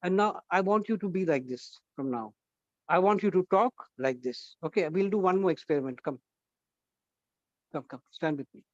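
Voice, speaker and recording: A high-voiced man runs a lively college workshop, pushing shy students to speak up. The sound is dry and a little muffled. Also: normal speed, dry recording. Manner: coaxing, asks the class questions. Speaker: guest trainer at a college workshop. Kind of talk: interactive classroom talk.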